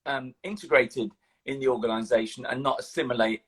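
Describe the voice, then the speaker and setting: An older man with a London accent, a guest in a casual interview, telling his life story in a lively way with many fillers. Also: mid-range voice, fairly quick, slightly rough. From London, England. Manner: animated storytelling, hesitant fillers.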